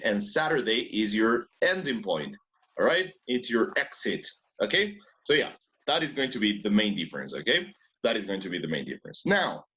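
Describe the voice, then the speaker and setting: A man's voice: medium pitch, fairly bright tone. A man teaching an English class who praises students often, repeats their answers and switches between English and Spanish.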